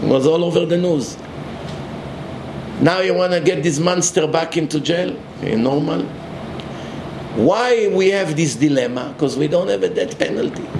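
Male religious lecturer, raised pitch, emphatic, rhetorical; echoey room with faint ambience. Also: normal speed, noisy background.

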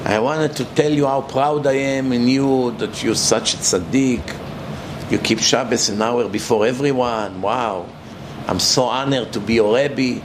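A man voicing an elderly male rabbi who softly coaxes his student with warm questions, told within a sermon. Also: mid-range voice, unhurried, background noise, natural voice. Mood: coaxing. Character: elderly male rabbi, gently coaxing teacher.

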